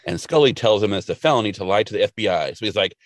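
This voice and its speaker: A man's voice: lowish voice, quick pace, no echo. A man co-hosting a podcast, retelling an episode casually and acting out the quotes. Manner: animated storytelling, acting out quotes. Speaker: podcast co-host.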